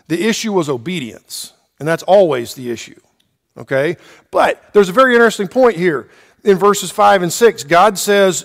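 A man's voice: high-pitched, creaky, fairly bright tone, big-room sound. A man teaching a Bible lesson verse by verse, asking his listeners questions and checking in with "okay" often.

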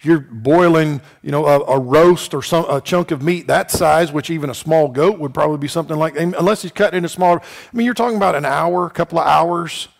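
A man teaching a Bible class in a folksy, conversational way, asking his listeners questions and reading scripture slowly. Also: a little high, gravelly. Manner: reads scripture slowly and deliberately.

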